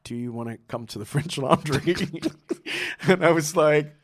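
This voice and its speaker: A man being interviewed, telling stories in a casual, animated way, laughing often and acting out what people said. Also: a little high, a little slow, slight background noise. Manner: animated, laughs often, acts out quoted dialogue. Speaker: guest, sommelier and restaurateur.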